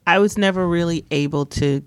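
A woman in her fifties co-hosting a casual chat, telling animated stories and laughing often. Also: fairly low pitch, fairly quick, smooth. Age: 50s. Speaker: podcast co-host.

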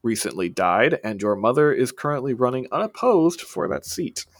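A man's voice: mid-range voice, big pitch swings, moderate pace, dry recording, studio quality. A man narrating as game master in a casual, filler-heavy way.

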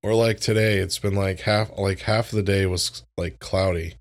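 A young man co-hosting a podcast speaks at normal speed in a low, steady voice. Tired and yawning, he chats in an easygoing, slangy way.

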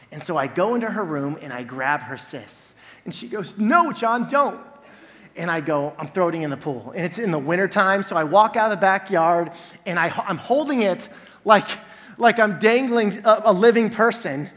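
A man in his forties preaching a sermon, telling a family story with lively acted-out scenes. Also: high-pitched. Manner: animated storyteller, acts out scenes loudly. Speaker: pastor. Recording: long hall reverb.

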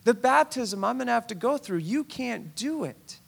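A pastor voicing a patient male teacher who gently refuses his followers, calm and firm. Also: extremely high pitch, moderate pace, vocal fry, husky, pitched above the performer's own voice, heavily acted.

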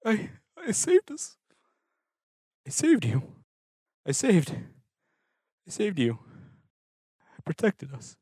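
A man voicing a despairing character who rails at fate with shouts and bitter laughter, in a tabletop role-play. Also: fairly high pitch, very animated, slow pace, long pauses, slightly rough, dry recording, clean studio sound, exaggerated voice. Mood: pleading.

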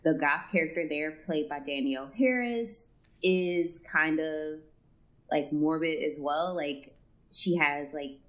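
A young woman co-hosting a casual film podcast, speaking in a halting, thoughtful way. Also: sits low, fairly bright tone. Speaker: podcast co-host.

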